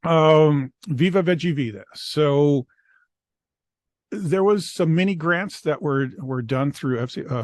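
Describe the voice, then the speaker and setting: A man giving a program presentation, speaking in a halting way with frequent filler pauses. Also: medium pitch, no echo, studio quality. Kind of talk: conference presentation.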